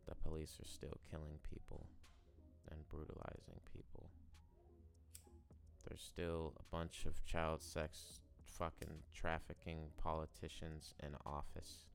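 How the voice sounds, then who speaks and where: A young man in his twenties with a very low, gravelly voice that stays smooth and resonant underneath. He hosts a solo podcast, smoking as he rambles, swears freely and muses aloud with no script. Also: a little mellow. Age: 20s. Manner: rambling, profane, musing aloud; smoking while talking. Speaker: podcast host. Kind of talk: unscripted solo podcast monologue.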